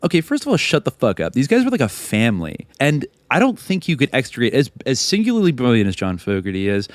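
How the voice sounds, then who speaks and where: A man's voice: medium pitch, fast talker, no room sound. A man co-hosting a podcast, telling a story casually with lots of swearing and acted-out quotes. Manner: profane, animated, acts out quoted people. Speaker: podcast co-host.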